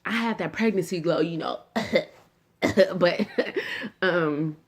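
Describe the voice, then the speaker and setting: A young adult woman vlogs her own story casually, chatty and heavy on fillers, with asides that address viewers as "y'all." Her voice is on the low side and slow.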